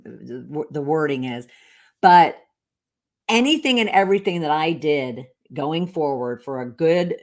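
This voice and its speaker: Low-voiced woman telling a personal story. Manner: candid, rambling, many fillers and restarts. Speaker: podcast host.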